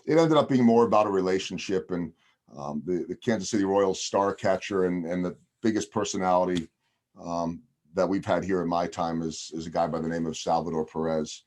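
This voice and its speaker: A man's voice: low voice, a little fast, a little mellow. A man, a television broadcaster, telling a long story on a video podcast over a video call, chatty with frequent ums and restarts.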